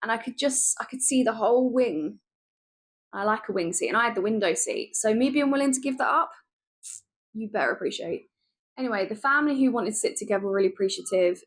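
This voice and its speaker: A woman vlogger retelling a travel mishap in a lively, chatty storytelling way. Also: mid-range voice, a little fast. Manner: lively, animated retelling with laughs and asides.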